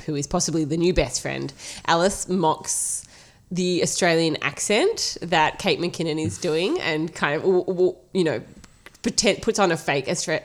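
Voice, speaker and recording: Chatty woman reviewing a film, low voice. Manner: chatty, laughs often, many fillers and restarts. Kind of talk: casual review chat.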